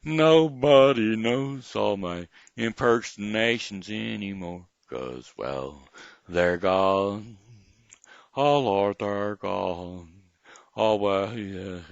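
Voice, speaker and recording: A man's voice: low voice, animated, slow, creaky, no echo. A man hosting his own daily show, chatting in a rambling, hesitant way full of fillers and reading a children's story, with a dull lo-fi sound. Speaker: host of a daily home show. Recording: dull lo-fi, dry.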